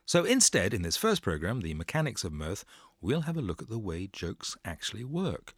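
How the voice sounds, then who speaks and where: A man's voice: lowish voice, huge pitch swings, normal speed, husky, no room sound. A man presenting a scripted radio programme with dry, wry humour.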